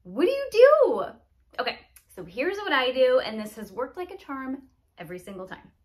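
A woman's voice: high voice, normal speed. A woman who runs a lash business, giving casual, chatty advice to other lash artists and acting out client scenarios. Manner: chatty, lively, acts out scenarios.

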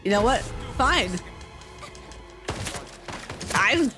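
A woman's voice: fairly high pitch, expressive, extremely slow, over music. Playful, chatty woman gamer. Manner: playful, chatty, talks to the viewers. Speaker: gaming channel host. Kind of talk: casual let's-play commentary.

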